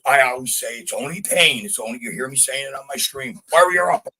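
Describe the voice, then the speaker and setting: A man's voice: medium pitch, a little fast, slightly rough, rough recording. A man from Canada telling a gritty story in casual podcast chat, blunt and full of swearing. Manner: profane, blunt, animated retelling. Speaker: podcast guest.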